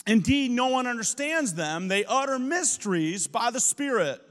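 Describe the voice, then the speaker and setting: High-voiced pastor preaching in a hall. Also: male voice. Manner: animated storytelling, rising to shouts. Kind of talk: sermon.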